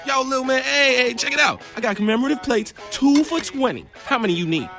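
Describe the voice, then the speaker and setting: A man voicing a pushy street hustler who sells souvenirs in an animated comedy. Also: very high voice, fast talker, vocal fry, faint music behind, heavily acted. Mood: hustling. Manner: hustling, loud, incredulous.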